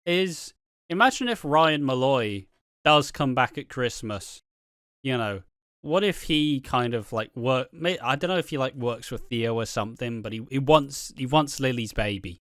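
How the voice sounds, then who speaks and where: A man chats loosely about soap storylines, wandering through his points and swearing freely. His voice is smooth and clear, recorded close and dry with no room sound. He sits at a middling pitch for a man. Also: animated, normal speed, a bit bright, dry recording. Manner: rambling, swears freely, acts out quotes. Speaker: soap opera commentator. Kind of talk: casual chat.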